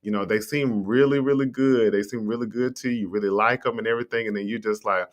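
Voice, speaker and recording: A man hosting a motivational livestream talk, speaking conversationally and straight to his listeners, his pitch swinging up on rhetorical questions. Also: steady tone, fast, hardly any pauses. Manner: conversational and encouraging, addresses listeners directly. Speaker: host. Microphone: streaming setup with a mute button.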